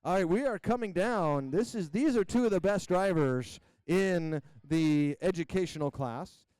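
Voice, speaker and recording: A man announcing a robot combat event, calling competitors to the arena and giving energetic play-by-play with countdowns. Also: sits high, measured pace, clean tone, no room sound, rough recording. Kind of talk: live event commentary.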